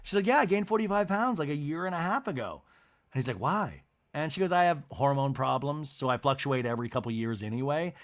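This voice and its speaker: A man hosting a podcast, recapping a reality TV episode solo with an animated, storytelling delivery. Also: medium pitch, a little fast. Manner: animated retelling, acting out cast members' lines in put-on voices. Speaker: podcast host.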